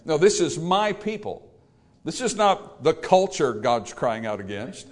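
A man's voice: fairly high pitch, very animated, a little slow. A man preaching a sermon to a congregation, emphatic and full of rhetorical questions. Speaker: pastor. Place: church service.

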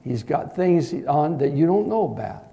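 A preacher voicing a church secretary, speaking softly and patiently to calm someone. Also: male voice, on the high side, normal speed, gravelly, pitched above the performer's own voice. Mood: soothing. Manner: soothing, patient, soft. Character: calm middle-aged woman, church secretary.

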